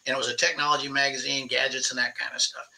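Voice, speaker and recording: A man's voice: medium pitch, fast talker, creaky, slight background noise, low-quality recording. A man in his sixties, a guest on a podcast, telling stories in a spirited, emphatic way. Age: 60s. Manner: animated storyteller, spirited and emphatic. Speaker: podcast guest, veteran angler. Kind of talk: casual storytelling interview.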